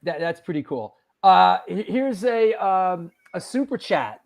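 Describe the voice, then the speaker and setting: A man's voice: high-pitched, big pitch swings, measured pace, creaky. A man hosting a live-streamed interview show, reacting with enthusiasm and reading out viewer messages.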